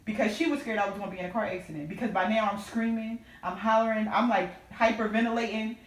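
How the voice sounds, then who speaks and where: A woman's voice: medium pitch, fairly even intonation, fast talker, a little hiss or hum. A woman in casual conversation telling an emotional personal story of loss. She reenacts her own pleading and the words of the people around her. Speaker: sister sharing a story. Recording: echoey room, mic at a distance.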